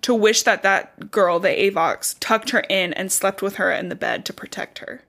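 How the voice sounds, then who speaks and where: A young woman talks through a book chapter in loose, casual podcast chat. Her voice sits in a middle pitch, and she fills her sentences with "like" and the occasional curse, acting out the characters' lines as she goes. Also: moderate pace, creaky, fairly bright tone. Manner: chatty, frequent "like", swears casually, acts out characters' lines. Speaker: podcast co-host.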